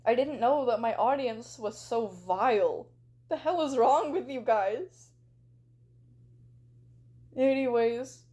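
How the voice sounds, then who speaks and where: A woman's voice: a little high, slow, long pauses, mellow. A woman streaming live, chatting and giggling with her chat while she plays a game and reads a story aloud. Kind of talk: casual reading to a live chat while gaming.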